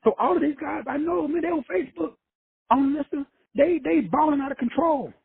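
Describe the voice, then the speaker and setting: In a dry, tinny recording that sounds like a phone, a man hosting a show gives a casual, streetwise motivational monologue full of blunt profanity. He talks fairly quickly in a very high-pitched, creaky voice.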